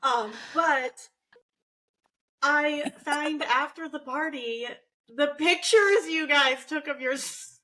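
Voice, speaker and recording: A woman's voice: high voice, takes it slowly, sharp tone, low-quality recording. A woman co-hosting a podcast, chatting casually and reacting to her friend with quips and laughs. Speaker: podcast co-host. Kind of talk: casual chat.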